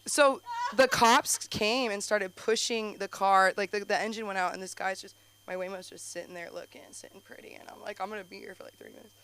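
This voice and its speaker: A woman's voice: mid-range voice, steady tone, a little fast, a bit bright, a little hiss or hum. A woman doing a rambling, profane, self-mocking stand-up set at an open mic. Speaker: stand-up comic. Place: comedy club stage.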